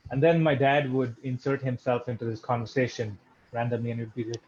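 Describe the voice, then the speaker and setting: A man's voice: medium pitch, little pitch movement, fast talker, darkish tone, highs cut off, slight background noise. A young man from India doing a stand-up set online, with dry, self-deprecating jokes and chuckles. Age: young adult. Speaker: stand-up comedian.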